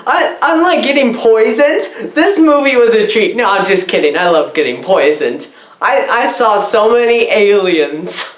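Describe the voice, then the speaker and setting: Giggly, rambling woman in a roomy echo. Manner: rambling, giggly, erratic swoops in pitch. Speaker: comic film reviewer. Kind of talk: absurdist comedy film review.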